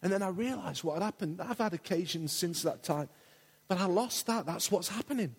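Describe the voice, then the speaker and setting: A man's voice: high voice, a little fast, husky. A man preaching a sermon in a church, impassioned and repetitive in his delivery. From England. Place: large church hall. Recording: long church hall reverb.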